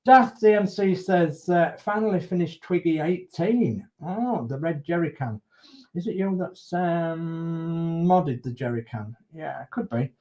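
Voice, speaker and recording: A man's voice: on the high side, measured pace, dark tone. A man hosting a casual model-building livestream, chatty and friendly, greeting viewers by name and rambling with many restarts. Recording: dull lo-fi stream audio.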